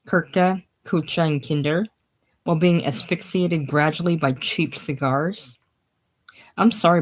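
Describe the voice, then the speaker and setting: In a casual play reading, a woman voices a high-strung, romantic schoolteacher, breathless and theatrical. Her voice is low and deep for a woman and a little mellow, on a rough recording.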